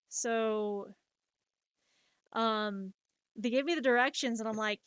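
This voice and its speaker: A woman's voice: fairly high pitch, slow pace, long pauses, clear, resonant tone, no room sound, clean studio sound. Chatty woman streamer rambling through stories. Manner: rambling, many fillers and restarts, laughs at herself. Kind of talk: casual storytelling chat.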